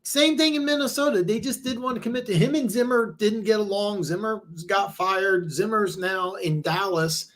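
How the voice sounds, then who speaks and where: This podcast host is a man whose voice runs slightly above the usual male range, fronting a relaxed football chat show. His tone is fairly bright, his pace moderate with few pauses, and he rambles, stammers into restarts, and jumps sharply upward in pitch when confused.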